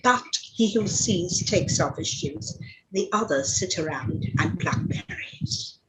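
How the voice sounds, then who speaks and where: A woman lecturer telling a children's story aloud in an animated, dramatic way, then speaking about storytelling. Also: takes it slowly, low-quality recording. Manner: dramatic, expressive read-aloud with big pitch leaps.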